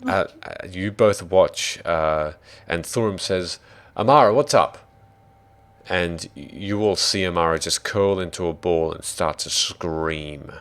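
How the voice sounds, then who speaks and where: A man's voice: deep voice, fairly even intonation, unhurried, few pauses, fairly bright tone, smooth. A man with an Australian accent narrating a tabletop game as dungeon master, descriptive and given to hesitant fillers.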